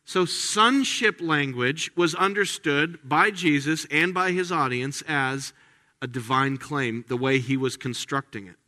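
Male pastor, animated sermon delivery, bright tone, big reverberant hall. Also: on the high side, measured pace. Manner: animated preaching with quoted voices.

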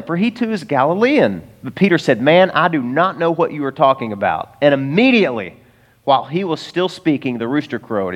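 A man preaching a sermon at a middle pitch, earnest and conversational. He breaks off to speak to the congregation in direct asides, as a pastor does from the pulpit.

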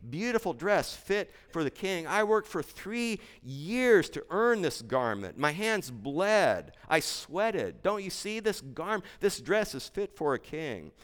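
A man voicing an earnest little peasant girl who pleads in a raised, high voice during a spoken sermon story. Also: big pitch swings, slow, hardly any pauses, a bit bright, full character voice. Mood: pleading.

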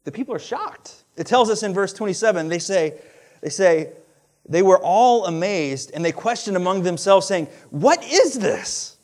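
A man preaching a sermon in a conversational, animated way, with asides and laughs. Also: sits high, normal speed. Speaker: pastor.

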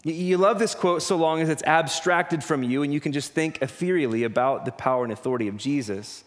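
A man who is a pastor, praying and then preaching a sermon in an earnest manner, his voice climbing in pitch and force as he presses his points. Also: fairly quick. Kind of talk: prayer and sermon. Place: church hall. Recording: long reverb of a church hall.

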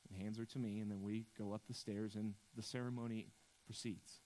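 A man's voice: lowish voice, fairly quick, a little mellow, low-quality recording. Man, preaching a sermon. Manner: conversational preaching with frequent restarts and stammered repeats. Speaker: pastor.

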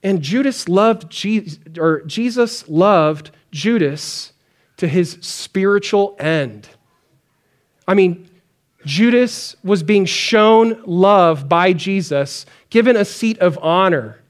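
A pastor preaching a conversational sermon, acting out pleading prayers. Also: male voice, high voice, expressive, slow.

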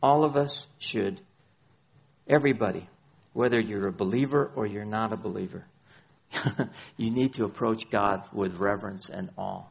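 A man preaching a sermon, his voice gravelly and a little husky. He names scripture passages by chapter and verse and drives points home by repeating his key phrases. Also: lowish voice, moderate pace. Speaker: pastor.

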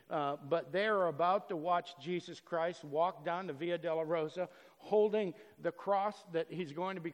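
Pastor, male, high voice, earnest sermon delivery with loud and hushed stretches, church hall reverb. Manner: earnest, swings from loud emphasis to soft and low.

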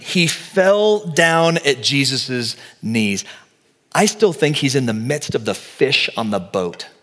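A man's voice: high voice, long reverb tail. A man preaching a sermon, telling a story with animation and acting out the voices he quotes. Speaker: pastor.

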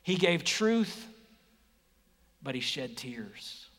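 A man preaching a sermon as a pastor, dropping to hushed whispers and rising to loud emphatic exclamations, acting out quoted speech. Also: medium pitch, drawn-out words, long reverb tail. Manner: acts out quoted speech in lively voices.

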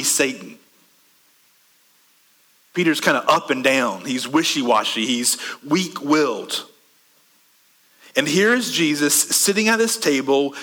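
A man preaching a sermon conversationally, asking the room questions and swinging between quick bursts and slow, soft stretches. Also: fairly high pitch, big-room sound. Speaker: pastor.

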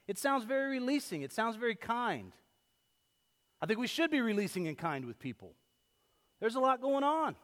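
Pastor preaching in a reverberant hall. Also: male voice, extremely high pitch, normal speed. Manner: lively storytelling, swings from loud to hushed. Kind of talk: sermon. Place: church sanctuary.

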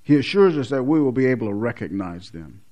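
A man preaching a sermon, swinging between loud emphatic lines and low, quiet stresses, repeating key words for weight. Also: big pitch swings, fairly quick.

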